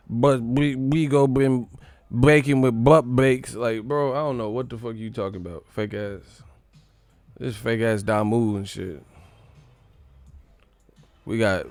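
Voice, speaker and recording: Gravelly-voiced man, loose profane banter. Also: no room sound. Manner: profane, joking, mocking chat in silly high voices. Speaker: live stream host. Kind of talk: casual live-stream chat reading comments.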